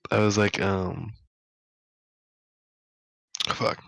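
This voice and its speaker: A man's voice: sits low, steady tone, drawn-out words, vocal fry, fairly bright tone, no room sound, rough recording. Rambling young man telling school stories. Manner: rambling, laughing, full of "like" fillers. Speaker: podcast co-host. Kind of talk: casual storytelling chat.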